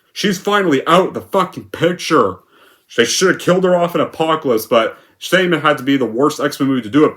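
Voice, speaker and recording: A man's voice: fairly high pitch, a bit bright. A young man giving a sarcastic, profane, rambling movie rant with lots of filler words. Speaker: movie reviewer.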